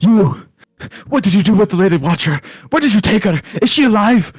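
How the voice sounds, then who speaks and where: Man playing a furious shouting fanatic for a tabletop game, high, loud, husky. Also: animated, fairly quick, no echo, studio quality.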